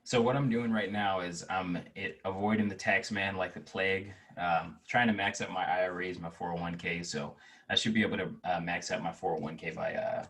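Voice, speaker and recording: A man in his twenties speaks as an interview guest in a very low, deep voice. He sits back from the microphone and talks in a loose, rambling way, with plenty of fillers and restarts. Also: steady tone, brisk, a bit bright, distant mic. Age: 20s. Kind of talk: casual interview chat.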